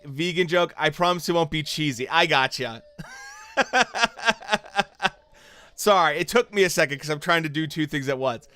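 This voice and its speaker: A man hosting a livestream watchalong, talking loosely with chat and reacting to what is on screen. His voice sits a little high and sounds bright and crisp. It is recorded close on a dry mic with no room sound. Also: no echo. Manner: chatty, reacts to chat and the show with loose fan talk. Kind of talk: casual livestream commentary.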